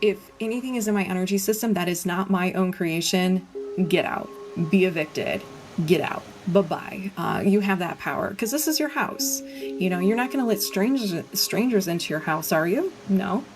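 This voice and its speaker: A woman's voice: mid-range voice, animated, moderate pace. Woman, Reiki healer, casual livestream host; loose and chatty, mid-range voice, music bed underneath. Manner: chatty and rambling, laughs often. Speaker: Reiki healer hosting a live session. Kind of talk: casual livestream chat, answering viewers. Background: soft background music.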